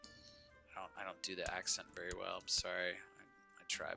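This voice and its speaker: A man's voice: deep voice, monotone, takes it slowly, vocal fry, pauses often, pushed and bright, faint music behind. A man giving casual live commentary while playing a strategy game, chatting to viewers and talking back to the characters on screen.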